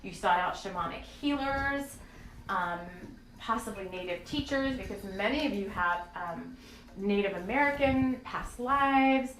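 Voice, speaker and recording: A woman's voice: mid-range voice, animated, a little slow, slight background noise. A woman hosting a spiritual podcast, talking in an earnest, rambling and emotional way with many fillers. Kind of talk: channeled spiritual podcast talk. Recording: echoey room with soft music.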